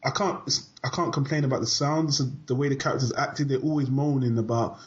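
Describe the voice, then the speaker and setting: A man hosting a casual review chat, leading the topics in a relaxed way. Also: mid-range voice, fairly quick. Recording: dull lo-fi audio.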